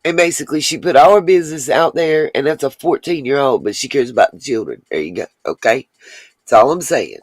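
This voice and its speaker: A woman with a very deep, slightly rough voice and lively intonation hosts a casual livestream, chatting directly to viewers and answering comments as they arrive. She drifts into drawn-out asides, and there's no room sound.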